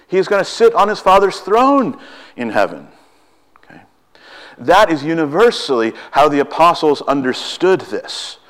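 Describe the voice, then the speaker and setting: Fast, excitable male preacher. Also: fairly high pitch. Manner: animated, quick, asks the listeners rhetorical questions. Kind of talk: sermon.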